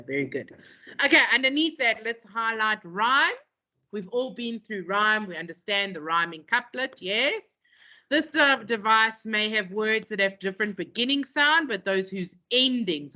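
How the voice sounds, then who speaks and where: Bright-voiced woman teaching a class. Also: mid-range voice. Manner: animated, repeats phrases for emphasis. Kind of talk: classroom lesson.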